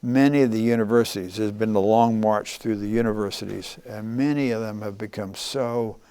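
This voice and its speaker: Older man, earnest interviewee, halting delivery with frequent restarts. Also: lowish voice, fairly even intonation, mellow, clear, resonant tone. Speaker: former congressman, guest.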